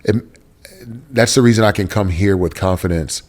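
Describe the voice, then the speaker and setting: A man's voice: low-pitched, normal speed, darkish tone. A man from Texas, an interview guest giving a candid, emotional personal testimony with casual slang. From Texas, USA.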